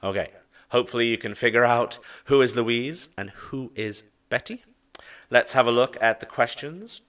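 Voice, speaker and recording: A man teaching an online English lesson, modeling questions slowly and deliberately. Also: mid-range voice, animated, fairly bright tone, recorded from a distance. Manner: slow, deliberate modeling of intonation.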